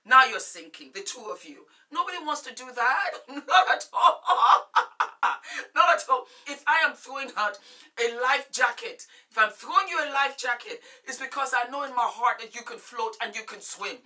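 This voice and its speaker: Blunt forties lady vlogging advice, super bright sharp voice, kinda far from the mic. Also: fairly high pitch, expressive, brisk. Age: 40s. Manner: emphatic, blunt, preachy. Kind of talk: frank relationship advice to camera.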